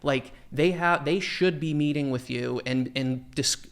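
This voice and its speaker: A man giving sales advice in a conversational podcast, animated and acting out sample sales lines. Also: medium pitch, measured pace, smooth. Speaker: sales trainer guest.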